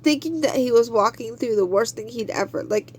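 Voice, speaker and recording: A woman's voice: on the high side, a little fast, darkish tone, slightly rough. A woman hosting a casual Bible study, talking in a conversational way and building to fervent, preachy exhortation. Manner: conversational with fillers.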